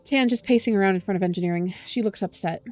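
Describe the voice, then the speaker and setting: A woman's voice: medium pitch, fast talker, a little mellow, soft background music. A woman streamer reading a story game aloud and reacting with sighs, groans and swearing. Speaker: VTuber streamer.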